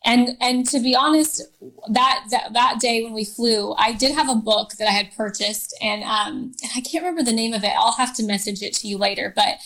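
A woman in her thirties, a podcast guest, telling a personal story in a halting way, full of fillers and restarts. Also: fairly high pitch, a bit bright, rough recording. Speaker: interview guest.

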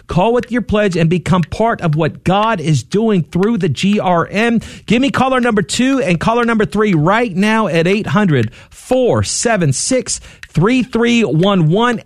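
A man's voice: high voice, dry recording. A man hosting a radio pledge drive, making an urgent, pushy appeal for calls. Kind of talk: fundraising appeal.

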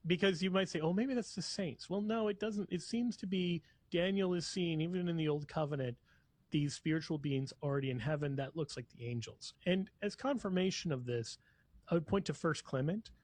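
A man's voice: fairly high pitch, brisk, a little mellow, dry recording. A man who is a guest on a talk show, explaining scripture. He reads passages aloud and laughs easily between points.

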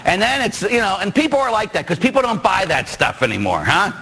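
A man who is a Catholic priest, preaching a sermon with animated storytelling and sudden shouts. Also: high-pitched, brisk, gravelly, breathy edge. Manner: animated storytelling, acts out dialogue, bursts into shouts.

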